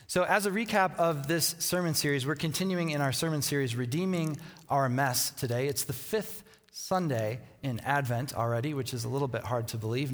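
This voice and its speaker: A pastor in his thirties tells a family story to open a sermon, chatty and easygoing, chuckling along as he goes. His mid-pitched voice rings out with a long reverb, as if recorded in a big church sanctuary. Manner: chatty storyteller who laughs at his own anecdote. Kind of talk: conversational sermon with a personal story. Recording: long reverb from a large hall.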